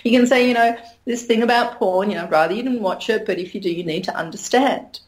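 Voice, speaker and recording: A woman's voice: mid-range voice, quick pace. A middle-aged woman, talking frankly as an interview guest and laughing often. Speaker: interview guest, sex educator. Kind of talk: candid conversational interview.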